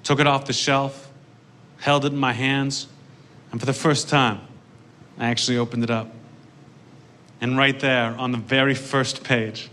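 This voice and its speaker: Male stand-up, deadpan dark-humor storyteller, bright crisp tone, handheld mic on stage. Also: mid-range voice, unhurried, pauses often, a little hiss or hum. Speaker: stand-up comedian. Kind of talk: stand-up comedy routine. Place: comedy stage.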